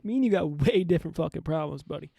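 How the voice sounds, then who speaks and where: Fast-talking man in dry studio. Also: on the high side, lively intonation, vocal fry, warm tone, dry recording. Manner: quick, profane banter, mocking quips. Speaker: podcast producer and co-host. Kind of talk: casual chat.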